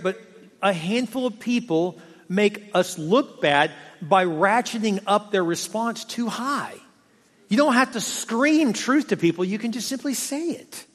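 Male pastor, high voice, energetic conversational sermon, long hall reverb. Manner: energetic, conversational preaching with rhetorical questions.

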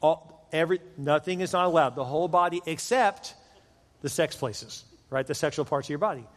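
Middle-aged pastor guy preaching, jokey and chatty, slightly high voice, big echoey church hall. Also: brisk. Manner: joking, conversational preaching. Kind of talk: sermon. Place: large church auditorium. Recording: long hall reverb.

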